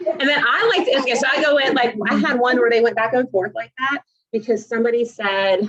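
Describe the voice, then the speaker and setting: A woman's voice: on the high side, a little fast, dull audio, a crowd in the background. A woman who works as a realtor and posts online, chatting casually and acting out the dialogue in her stories. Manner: chatty storyteller who acts out quoted dialogue. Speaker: realtor and social media creator. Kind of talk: casual chat.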